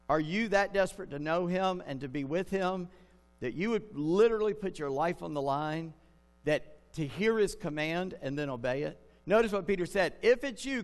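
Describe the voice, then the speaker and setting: A man preaching a sermon in a conversational way, putting questions to his listeners. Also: high voice. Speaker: pastor. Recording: long reverb of a large hall.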